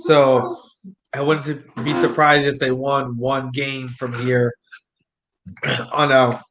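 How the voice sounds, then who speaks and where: Relaxed man rambling in casual chat. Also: mid-range voice, slow. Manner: relaxed rambling, repeats words.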